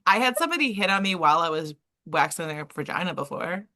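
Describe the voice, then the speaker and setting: Bright, lively young woman co-host. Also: lowish voice, quick pace. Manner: laughs a lot, acts out quotes in a lively voice. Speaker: podcast co-host and waxer. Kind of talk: casual chat.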